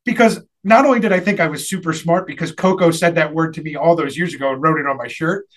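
High-voiced man telling a story. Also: fast talker. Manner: animated, laughs often, acts out quotes. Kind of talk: casual storytelling chat.

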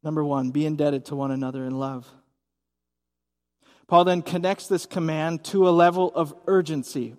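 Here a pastor with a slightly high, somewhat mellow voice gives a sermon at a church service in a gymnasium, and the recording has a big-room sound. He speaks conversationally, asking the congregation questions as he goes.

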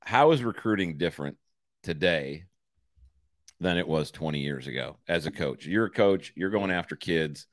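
A middle-aged man hosts a casual podcast chat. His voice sits fairly low and sounds dry and close. He tells stories with an animated, slangy flair. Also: moderate pace, no echo. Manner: animated storyteller, says "freaking" and "like". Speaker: podcast host.

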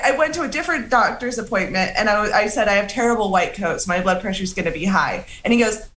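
Woman, podcast co-host, lively swooping pitch, bright voice, echoey room. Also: fast talker, hardly any pauses, a little hiss or hum. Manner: animated, laughing storyteller. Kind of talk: casual chat.

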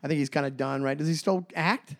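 A man co-hosting a comedy podcast, animated and quick to laugh, often stumbling and restarting his sentences. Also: a little high. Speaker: podcast co-host. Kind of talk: casual comedic chat.

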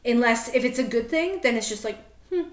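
A woman co-hosting a podcast in casual chat, telling animated stories, laughing often and acting out her father's gruff replies. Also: a little high, fairly quick, reverberant. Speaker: podcast co-host. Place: podcast studio.

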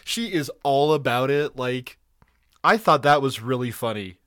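A man's voice: mid-range voice, expressive, a little slow, a bit bright, no room sound, clean studio sound. A man co-hosting a podcast in casual chat, laughing often and swearing freely as he rambles. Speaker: podcast co-host.

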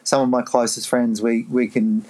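A middle-aged man with an Australian accent recounts a turning point in his life as a podcast guest. His voice sits in an ordinary middle register. He talks earnestly and with energy, slipping into a higher, livelier voice whenever he acts out what he used to think. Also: normal speed. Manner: earnest, animated, jumps into a higher voice to act out his own past thoughts. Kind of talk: reflective podcast storytelling.

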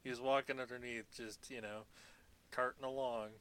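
Man, podcast co-host, sardonic movie banter, swears freely, mumbled asides, middle pitch. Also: flat delivery, normal speed, fairly bright tone, clear, resonant tone. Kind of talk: casual movie recap banter.

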